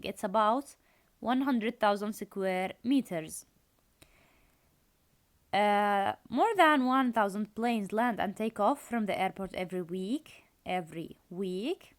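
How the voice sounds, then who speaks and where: A woman's voice: a little high, fairly bright tone. A woman, an Arabic speaker, teaching an English lesson. She reads the exercises aloud, repeats key phrases and explains grammar in Arabic. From Jordan. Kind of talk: recorded classroom lesson.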